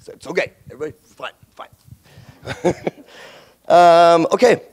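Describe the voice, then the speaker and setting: A man's voice: a little high, slow, a little mellow. Jokey Canadian man rambling on a panel. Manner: rambling, jokey, self-interrupting. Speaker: voice actor on a convention panel. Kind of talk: panel talk giving career tips. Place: convention panel room.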